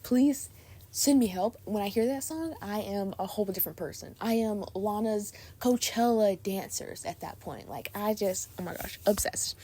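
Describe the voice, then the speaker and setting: Bubbly, gushing young woman with a mellow tone. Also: mid-range voice, moderate pace. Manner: bubbly, gushing, chatty with frequent "like" and "oh my God". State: sleepy and tired. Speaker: podcast host. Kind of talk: casual chat.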